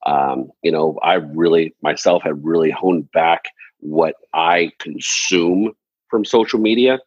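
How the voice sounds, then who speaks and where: A man's voice: deep voice, slow pace, breathy edge, no echo. A man hosting an interview, speaking earnestly with many restarts. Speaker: podcast host. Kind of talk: casual interview. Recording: dull dry lo-fi sound.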